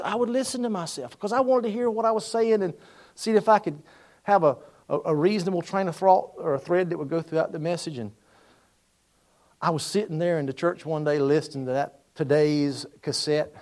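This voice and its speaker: A middle-aged preacher tells his story from the pulpit, with a slightly high voice. He drops low and confiding, then climbs into loud, ringing exhortation. His delivery is lively and swinging. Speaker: pastor. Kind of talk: sermon.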